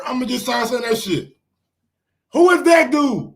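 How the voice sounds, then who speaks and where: High-voiced man ranting on a live stream. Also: measured pace, creaky, long pauses. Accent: New York. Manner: animated, ranting, asks the chat rhetorical questions. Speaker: sports show host. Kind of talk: casual live-stream commentary.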